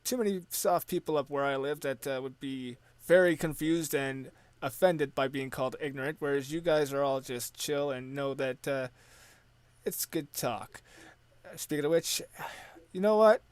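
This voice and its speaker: A man's voice: on the high side, normal speed, clean tone, no room sound. A Canadian man hosting a casual stream chat, rambling and joking with lots of filler words. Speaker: podcast host.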